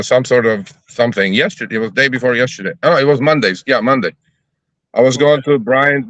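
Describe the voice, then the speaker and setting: Brief: bright-voiced man, profane and animated, in a dry studio, acting out the calls. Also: mid-range voice, no echo, lo-fi sound. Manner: profane, animated storytelling, acts out phone calls. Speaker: rideshare driver advocate, guest. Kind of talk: heated casual podcast talk. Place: live podcast studio.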